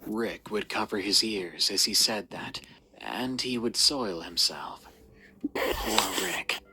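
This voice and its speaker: A man's voice: fairly low pitch, pushed and bright, a little hiss or hum, low-quality recording. A man narrating a scripted horror story in a dramatic, suspenseful reading.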